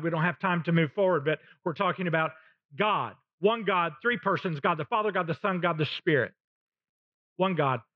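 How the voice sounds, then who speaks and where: A man with a fairly high voice preaches a sermon at an unhurried pace, pressing each short phrase with long pauses between them. The recording is dull and lo-fi, with a dry sound. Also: no room sound. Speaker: pastor.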